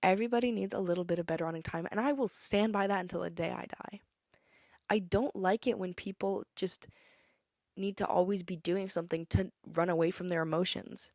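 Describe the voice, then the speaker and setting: Young woman rambling on her podcast, opinionated, lowish voice, dry close sound. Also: steady tone, brisk, a little mellow, dry recording. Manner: chatty, opinionated, breaks into song. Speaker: podcast host. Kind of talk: casual solo podcast monologue.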